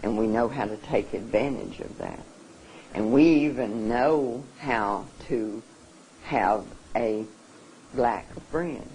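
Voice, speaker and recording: Seminar speaker, mid pitch, very slow, openly emotional and halting delivery. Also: a little mellow, a little hiss or hum, rough recording. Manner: halting and earnest, often restarting. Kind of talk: emotional public talk. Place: seminar room.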